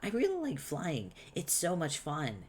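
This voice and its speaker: Guy doing a cheery clueless teen kid from a webcomic, voice pushed up high. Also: huge pitch swings, a little slow, breathy edge, exaggerated voice. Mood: cheerful. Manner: upbeat, puzzled, easygoing. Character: cheerful naive teenage human boy. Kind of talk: reading a webcomic aloud.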